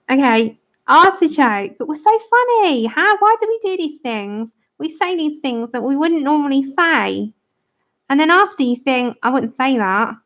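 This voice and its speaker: A British woman talks casually through a livestream while she colours, chatting with viewers and laughing often. Her voice sits a little high. The sound is dull and lo-fi, like a home stream. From Britain. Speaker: livestream host.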